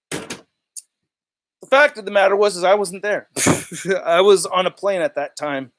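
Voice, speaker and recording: A man's voice: high-pitched, lively intonation, unhurried, pauses often. A man hosting a casual live stream about toy collecting, rambling and joking, often laughing and repeating himself.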